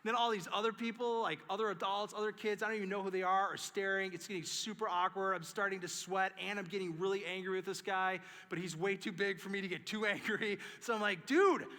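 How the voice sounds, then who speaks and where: A male pastor preaching with animated storytelling and emphatic repetition. His voice sits fairly high and sounds bright and forceful. It rings through a church sanctuary with a long reverb tail. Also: fast, few pauses. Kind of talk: sermon.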